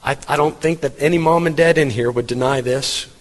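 A middle-aged pastor preaches a sermon in a church hall, earnest and emphatic, repeating his words for weight. His voice is fairly high and brisk, and the hall adds a long reverb.

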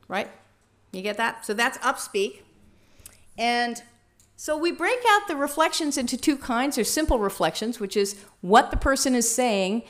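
A woman trainer leading a workshop, talking in a lively, conversational way and asking the room questions. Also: a little high, a little slow. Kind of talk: teaching a workshop.

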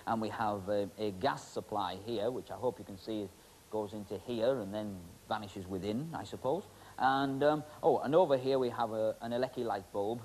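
Middle-aged man, magician host, teasing stage patter, lively swooping voice, faint hiss of an old TV broadcast. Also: fairly low pitch. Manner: joking, chatty, teasing, many fillers. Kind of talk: comic stage patter with volunteers. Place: TV studio stage with live audience. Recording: hissy 1980s TV broadcast.

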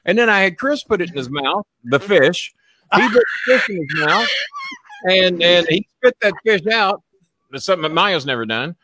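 A man's voice: sits high, animated, moderate pace, sharp tone, no room sound. Profane rambling man telling a story. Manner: rambling, profane, repeats himself. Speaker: show host. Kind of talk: casual storytelling chat.

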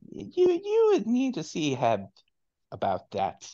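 A man's voice: high voice, wildly swooping pitch, mellow, pitched above the performer's own voice, heavily acted. A man doing a courteous magic shopkeeper. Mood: polite. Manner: courteous, measured, a bit formal. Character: polite male magic shopkeeper, formal. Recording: dull lo-fi, dry.

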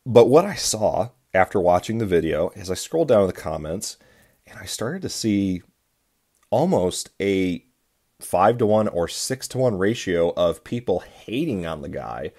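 A man with a low voice hosts a solo podcast monologue. He talks in an earnest, sermon-like way and often restarts his phrases. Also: very animated, unhurried, dark tone. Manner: earnest, preachy, repeats and restarts words. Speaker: podcast host.

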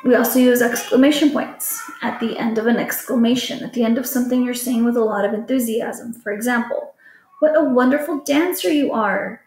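A woman's voice: on the high side, fairly even intonation, fairly quick, hardly any pauses, darkish tone. A woman teacher patiently explaining a lesson to children in a recorded class video. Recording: echoey room.

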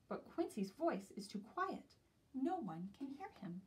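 Slow, expressive woman reading to kids. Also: high-pitched, distant mic. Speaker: preschool teacher. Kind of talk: children's story reading.

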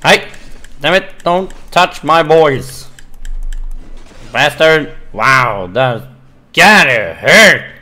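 A man hosting a gaming video, excitably commentating his play with frequent swearing and exclamations. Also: fairly high pitch, very slow, long pauses. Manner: excitable, swearing, exclaiming and laughing while playing. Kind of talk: casual let's-play commentary.

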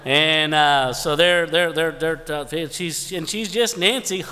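A man's voice: fairly high pitch, slow pace, bright, forceful tone, slight background noise. A man, youth pastor and assistant pastor, telling a folksy joking story and giving church announcements from the pulpit. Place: church sanctuary. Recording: long church hall reverb.

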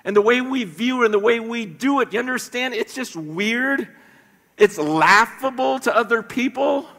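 High, bright-voiced preacher in an echoey hall. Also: male voice, moderate pace. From United States. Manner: animated, repeats words while telling stories. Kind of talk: sermon storytelling. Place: church sanctuary.

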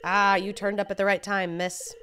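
A woman reading the lines of a grumpy old man from a video game, in a gruff, folksy way close to her own voice. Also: mid-range voice, little pitch movement, normal speed, a bit bright, a little hiss or hum, close to an everyday voice. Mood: grumbling.

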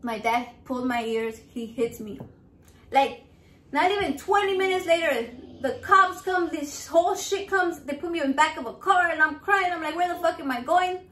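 A woman's voice: sits high, moderate pace, sharp tone, slight background noise. A young woman vlogger telling a painful personal story in blunt, profane, emotional words. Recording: echoey room.

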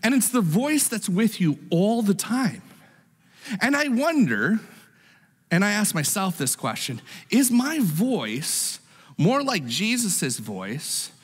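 A man preaching a sermon as pastor, animated, repeating words and acting out the voices he quotes. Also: high-pitched, slow, slightly rough, big-room sound. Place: church sanctuary.

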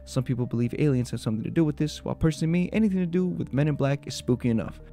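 A man hosting a video that retells urban legends, jumping between spooky storytelling and joking reactions. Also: on the high side. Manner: quick, mixes spooky retelling with joking asides. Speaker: video host. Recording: soft music behind the voice.

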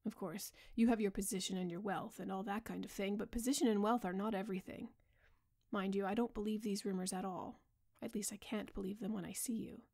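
A woman's voice: medium pitch, steady tone, a little fast, gravelly. A woman reading a grave, earnest male painter. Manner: earnest, pleading, softly spoken. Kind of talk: bedtime audiobook reading.

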